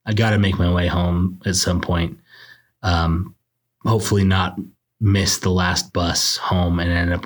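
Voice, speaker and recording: A young man with a very low voice hosts his own podcast, talking things over in a loose, rambling way. He muses and pokes fun at himself as he goes. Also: husky. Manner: rambling, reflective, self-deprecating. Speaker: podcast host, law student. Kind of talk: casual solo podcast monologue. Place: indoors late at night.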